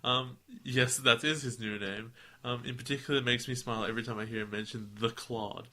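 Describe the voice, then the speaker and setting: A man's voice: mid-range voice, fairly even intonation, a little fast, pushed and bright. A young man co-hosting a podcast in casual chat, trading dry jokes. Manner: dry, joking banter. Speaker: podcast co-host.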